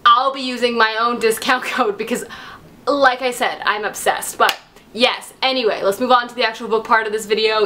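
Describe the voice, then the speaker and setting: Bright, gushing young woman vlogger. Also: fairly high pitch, a little hiss or hum. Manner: gushing, excitable. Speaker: book vlogger. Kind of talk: casual chat.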